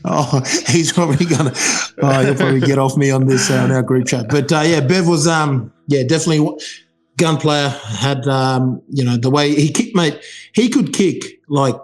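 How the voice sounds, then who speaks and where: A laid-back Australian man spinning rugby yarns in casual chat, full of ums and restarts. His voice sits at a middle pitch. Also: normal speed. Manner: laid-back storyteller, many fillers and restarts. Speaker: guest, former pro rugby player.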